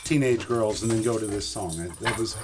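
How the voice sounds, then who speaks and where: A man in casual chat on a podcast, joking in a deadpan way. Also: lowish voice, a little fast. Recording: loud background noise.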